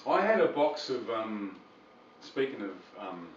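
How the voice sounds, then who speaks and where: A man's voice: on the low side, very animated, unhurried, a little hiss or hum. An Australian man co-hosting a casual chat over beers, laid-back and swearing freely. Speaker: podcast co-host. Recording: roomy, distant, dull home recording.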